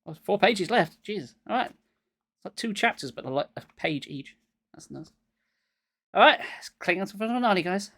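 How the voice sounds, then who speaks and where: A man's voice: sits high, lively intonation, moderate pace, vocal fry, pushed and bright, no echo, studio quality. A man getting over a cold, giving a live reading of a children's horror book and breaking off with sarcastic asides. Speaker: reader.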